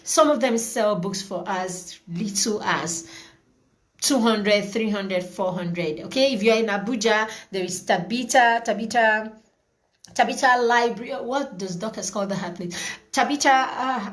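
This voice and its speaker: Woman, online class host on a video call, chatty and repetitive. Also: medium pitch. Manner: chatty, greets viewers by name, repeats words. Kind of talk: live online class wrap-up.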